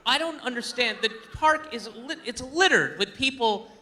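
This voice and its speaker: A man doing stand-up comedy on stage, animated and incredulous, with rambling asides. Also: very high voice, moderate pace. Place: comedy stage before a live audience.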